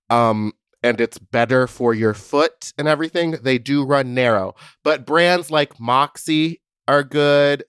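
A man co-hosting a podcast, telling stories in an animated, chatty way. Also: medium pitch, clean tone, dry recording, clean studio sound. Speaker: podcast co-host. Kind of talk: casual chat, storytelling.

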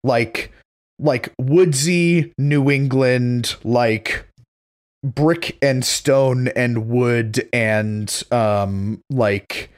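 A man from Massachusetts chats casually in a mid-range voice, speaking extremely slowly. He rambles, leans heavily on "like" and other fillers, and swears in an offhand way.

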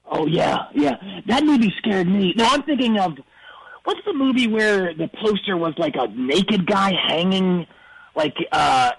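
A man's voice: high-pitched, animated, measured pace, vocal fry, husky, exaggerated voice, poor audio. A man on a comedy call-in show impersonating an aging male rock star who rambles through earnest, absurd boasts. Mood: rambling. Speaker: caller. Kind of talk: comedic impression on call-in radio.

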